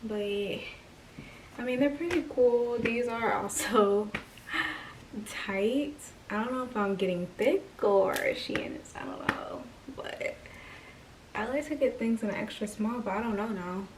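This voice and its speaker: A woman's voice: fairly high pitch, a little slow. A young woman chatting casually through a try-on haul, out of breath and slipping into whispers. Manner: chatty, filler-heavy, drifts into whispers. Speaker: vlogger. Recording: distant mic with clear background noise.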